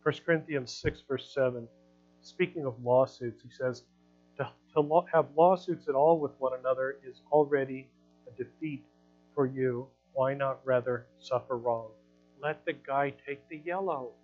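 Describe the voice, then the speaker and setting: Man preaching in a casual, lively way. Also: mid-range voice, normal speed, phone-quality sound, faint music behind. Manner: conversational preaching with quoted asides and laughs. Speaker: pastor. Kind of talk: sermon. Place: church hall.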